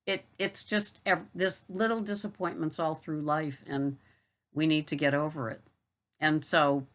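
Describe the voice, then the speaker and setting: A woman's voice: low-pitched, a bit bright. A woman hosting her own channel about gig shopping work, talking casually to camera in a rambling, wry, exasperated way with many asides. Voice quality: rambling, chatty, with frequent asides and fillers.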